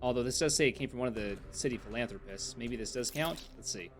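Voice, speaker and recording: A man streaming a video game live, thinking aloud and gently mocking himself. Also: medium pitch, fast talker, music in the background.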